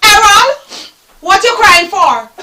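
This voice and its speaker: A woman acts out a sharp-tongued Jamaican widow who scolds her son with scorn. Her voice is very high and bright, and it sounds echoey and far from the mic. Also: lively intonation, slow, full character voice. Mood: scolding. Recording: roomy, distant, faint noise.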